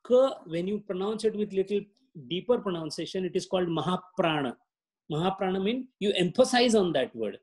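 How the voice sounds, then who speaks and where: A man gives a spiritual lecture on yoga philosophy in a high, light voice with a darkish tone. Animated yet slow and deliberate, he carefully sounds out each Sanskrit term.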